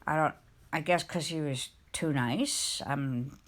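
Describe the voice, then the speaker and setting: A middle-aged woman on a live stream, telling a long personal story. Her voice sits a little low, and she talks in a rambling, emotional, confiding way, full of restarts. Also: slow. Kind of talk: casual storytelling chat.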